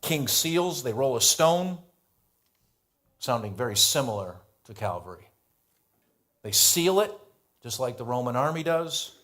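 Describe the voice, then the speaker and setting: An American man preaching a sermon as pastor, telling a Bible story with animated voices for the characters. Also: mid-range voice. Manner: animated storytelling, acts out biblical dialogue.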